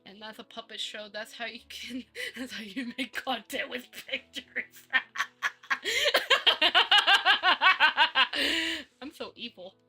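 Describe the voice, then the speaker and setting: A woman's voice: fairly high pitch, moderate pace, sharp tone, slightly rough, faint music behind. A woman live-streaming, rambling playfully and talking to herself while she works on a 3D model. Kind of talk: casual live-stream chat.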